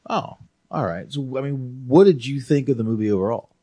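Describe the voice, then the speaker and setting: A man's voice: mid-range voice, animated, a little fast, mellow, dry recording. A man from North Carolina hosting a casual movie review chat, rambling with frequent restarts and fillers. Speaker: podcast host.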